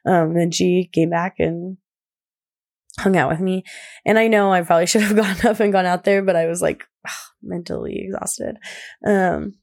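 A young woman hosting a podcast, chatting casually about her days as a mother, rambling with many fillers and soft laughs. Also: on the low side, steady tone, normal speed. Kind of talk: casual personal talk.

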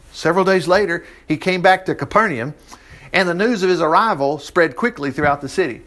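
A man preaching in a folksy way, reading scripture aloud and breaking off into joking asides. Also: high-pitched. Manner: folksy, animated, reads scripture then riffs with jokes and laughs. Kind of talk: conversational Bible teaching with asides.

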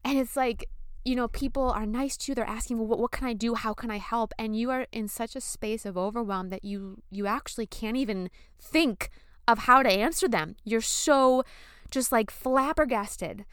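A young woman hosting a podcast, telling a personal story in a chatty, animated way with lots of fillers. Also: on the high side, normal speed, clean tone, no room sound, studio quality. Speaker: podcast host. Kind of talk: casual storytelling monologue.

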